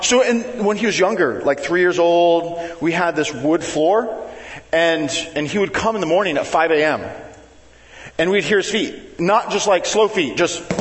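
Lively storytelling pastor in a big hall. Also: male voice. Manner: animated, conversational, acts out family members with big pitch jumps. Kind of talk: sermon with family stories. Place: church sanctuary. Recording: long reverb of a large hall.

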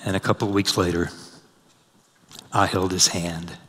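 A man preaching a sermon, swelling loud and high on scripture and dropping soft and low for personal stories. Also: fairly even intonation, moderate pace, a little hiss or hum. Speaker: pastor. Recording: long hall reverb.

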